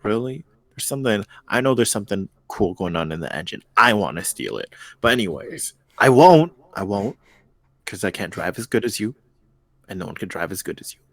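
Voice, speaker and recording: A man's voice: on the low side, expressive, fairly quick, a bit bright, no echo, pitched below the performer's own voice. A man voicing a nervous, flustered young man who stammers as he talks to an old friend. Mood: teasing.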